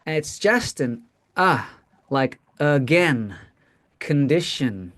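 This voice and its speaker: A teacher runs a classroom pronunciation lesson, saying words slowly as models and often checking in with "right?" The voice is mid-range and a bit bright, with lively intonation.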